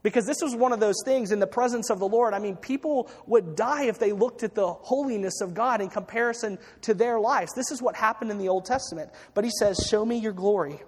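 A man's voice: high voice, a little fast, hardly any pauses, breathy edge, long reverb tail. A man preaching a sermon, retelling a story with acted-out quotes and frequent restarts.

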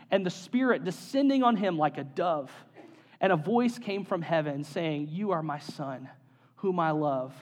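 A man's voice: sits high, long reverb tail. A male pastor giving an earnest sermon, repeating key phrases for emphasis.

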